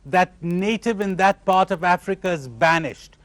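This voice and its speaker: A man giving a spiritual lecture to a live audience, animated and questioning his listeners, acting out imagined replies. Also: fairly high pitch, unhurried, no echo. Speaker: spiritual teacher.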